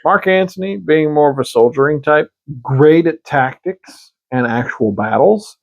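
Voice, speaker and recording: A man co-hosting a casual history podcast, cutting in with jokes and quick remarks. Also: fairly high pitch, expressive, muffled recording. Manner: joking, interjecting banter. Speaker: podcast co-host.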